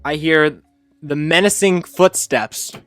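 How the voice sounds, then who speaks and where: A man casually telling a funny childhood story, rambling with fillers and self-corrections and jumping up high when he acts out his younger self. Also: takes it slowly, fairly bright tone, dry recording, soft background music. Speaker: storyteller host.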